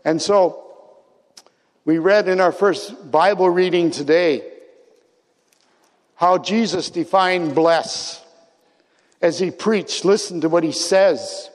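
A high-pitched male pastor preaches slowly and thoughtfully, drawing his sermon out in unhurried phrases. His reflective storytelling sometimes sinks to near-whispers for emphasis. The sound carries the long reverb of a large church hall.

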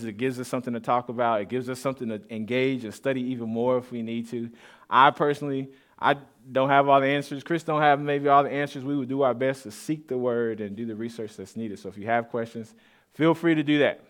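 A man from east Austin preaching a sermon to his congregation, telling stories in a relaxed, conversational way with asides. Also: medium pitch, a little fast. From east Austin, Texas. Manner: conversational, storytelling, with asides and laughs. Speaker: pastor. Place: church sanctuary.

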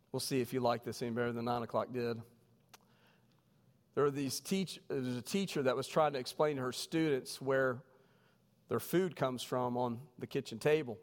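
A man, a pastor, preaching a sermon with animated storytelling. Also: medium pitch. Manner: animated storytelling, voices quoted people. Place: church sanctuary. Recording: long reverb of a church hall.

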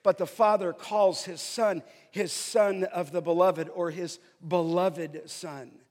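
Guy preaching slow and emphatic, pretty high voice, big echoey hall. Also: steady tone, darkish tone. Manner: emphatic, draws out key phrases when reading scripture. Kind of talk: expository sermon. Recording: long hall reverb.

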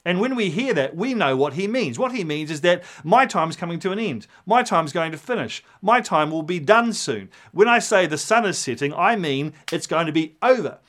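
A man preaching a sermon, animated and storytelling, acting out the voices in his quotes. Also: high-pitched, moderate pace, hardly any pauses. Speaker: pastor.

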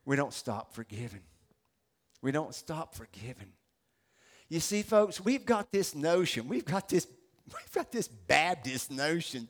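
A middle-aged pastor preaching a sermon, animated and acting out the characters he describes. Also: on the high side, unhurried. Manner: animated storytelling, acts out voices.

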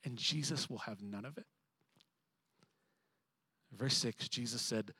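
A man preaching a sermon, moving between animated emphasis and hushed, reflective passages. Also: medium pitch, slow pace, pauses often, slightly rough, dry recording. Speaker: pastor.

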